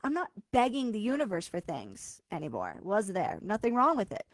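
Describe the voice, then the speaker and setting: A woman's voice: mid-range voice, huge pitch swings, normal speed, dry recording. A woman speaking as a spiritual coach in a live-streamed talk, casual and blunt, often checking in with her listeners. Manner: emphatic, direct, keeps checking in with "okay?"; casual and blunt, swears now and then.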